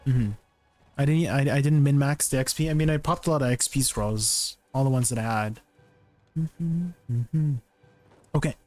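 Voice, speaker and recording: A man's voice: medium pitch, moderate pace, darkish tone, faint music behind. A man streaming a game, chatting casually, reading chat aloud and laughing often.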